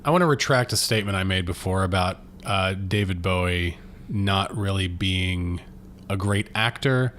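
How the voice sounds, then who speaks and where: A man's voice: deep voice, normal speed, a bit bright, a little hiss or hum. A man co-hosting a podcast, chatting casually about a film as he watches, rambling with lots of fillers and restarts. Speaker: podcast co-host. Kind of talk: casual movie commentary chat.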